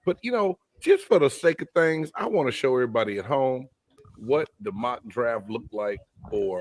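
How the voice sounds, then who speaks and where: A man hosting a casual live sports chat, loud and joking with his co-hosts. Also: medium pitch, lively intonation, normal speed, no room sound. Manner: loud, hyped, joking banter. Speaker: host.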